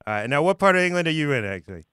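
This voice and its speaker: A man's voice: on the high side, very animated, very fast, sharp tone, smooth, no echo, clean studio sound. A man co-hosting a casual comedy radio show, sarcastic and joking.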